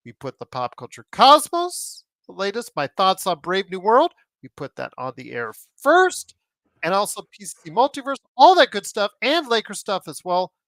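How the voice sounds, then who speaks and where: A man's voice: high voice, normal speed, no echo. A man hosting a sports podcast in casual, rambling chat, joking as he plugs the show. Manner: rambling, animated, jokey plugs. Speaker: podcast host.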